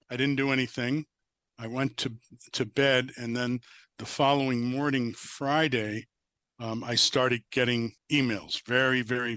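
A man, a university professor, calmly recounting his own story in a measured, matter-of-fact way, played as an audio clip. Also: medium pitch, no room sound.

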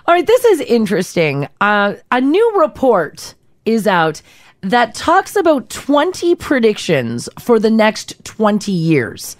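A woman's voice: fairly high pitch, huge pitch swings, slow, dry recording, clean studio sound. A woman co-hosting a radio show, reading news items in a friendly, chatty way. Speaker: radio co-host. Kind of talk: casual news chat.

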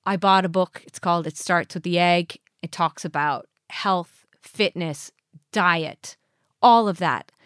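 A woman's voice: on the low side, unhurried, fairly bright tone, clear, resonant tone, no echo, clean studio sound. A woman hosting a motivational podcast, talking in an earnest coaching way with many rhetorical questions. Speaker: podcast host.

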